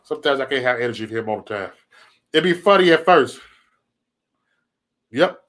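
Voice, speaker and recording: A man's voice: medium pitch, expressive, normal speed, a bit bright. A man hosting his own livestream, talking in a loose, profane, rambling way and telling stories with a lot of animation. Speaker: livestream host. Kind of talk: casual livestream rant.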